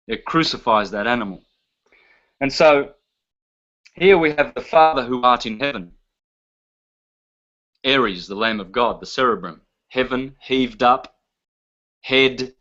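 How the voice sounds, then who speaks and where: A man gives a lecture with a bright, forceful edge, emphatic and insistent as he lists term after term and poses rhetorical questions. The sound is dull and lo-fi, like an old lecture tape. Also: medium pitch, a little slow, long pauses. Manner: emphatic, listing terms one by one, rhetorical questions. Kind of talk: lecture to a live audience.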